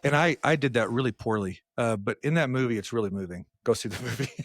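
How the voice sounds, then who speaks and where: A man co-hosting a podcast in casual chat, chatty and quick to laugh at himself. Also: mid-range voice, dry recording, studio quality. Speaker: podcast co-host. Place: podcast studio filmed on camera.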